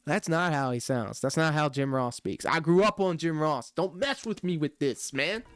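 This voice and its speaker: Male reaction streamer, slightly high voice, sarcastic, dry close-mic sound. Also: moderate pace, dry recording, faint music behind. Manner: sarcastic, laughs often. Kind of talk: casual reaction commentary.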